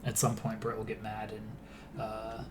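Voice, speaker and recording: A man co-hosting a casual game stream, pitching ideas in a loose, rambling way with frequent laughs. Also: completely flat delivery, a little slow, noisy background. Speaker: co-host. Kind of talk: casual chat while playing a game.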